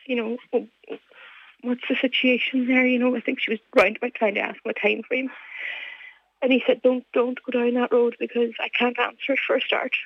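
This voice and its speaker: A woman's voice: fairly high pitch, no room sound. Middle-aged Donegal woman, interview guest, earnest and faltering, over a dry phone line. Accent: Donegal Irish. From Ireland. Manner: earnest, halting, many restarts. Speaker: guest, mother.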